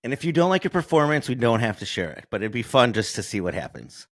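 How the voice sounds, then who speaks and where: Playful male co-host, animated pitch, teasing humor. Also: quick pace. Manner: joking, playful. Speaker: podcast co-host. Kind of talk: podcast interview.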